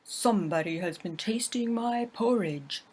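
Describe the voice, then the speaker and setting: A woman voicing a big bear with a gruff, loud voice. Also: mid-range voice, measured pace, a little hiss or hum, natural voice. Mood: grumbling.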